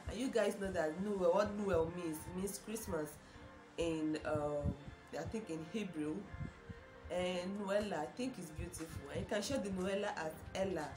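Gushing Nigerian woman in an echoey room. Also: fairly low pitch. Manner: gushing, enthusiastic, repeats words and exclaims often. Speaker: vlogger. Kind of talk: casual chat to camera. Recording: echoey room with music behind.

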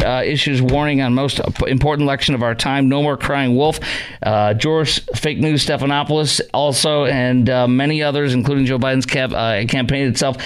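A man's voice: medium pitch, a bit bright, smooth. Sarcastic rambling male radio host. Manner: sarcastic, rambling, mocking asides. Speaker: radio talk show host. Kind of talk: opinionated talk radio monologue.

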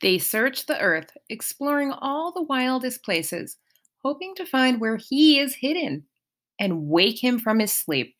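A woman voicing an anxious, earnest young male satyr with a raised, pleading voice, in a slow, lively storybook reading. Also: high-pitched, pitched above the performer's own voice, heavily acted.

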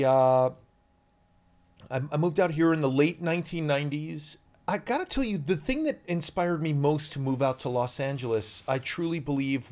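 A man in his forties from the US East Coast, a guest chatting casually in an interview, rambling and interrupting himself. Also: a little high.

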